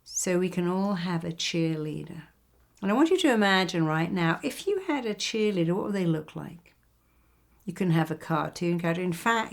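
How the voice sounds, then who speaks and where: A woman's voice: on the low side, creaky. An older woman from England, a therapist giving a guided self-help talk who acts out the voices of critics and cheerleaders.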